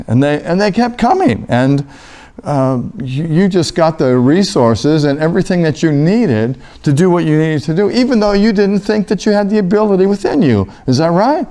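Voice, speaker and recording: A man, a pastor, gently putting questions to a guest in a church interview. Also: on the high side, animated, moderate pace.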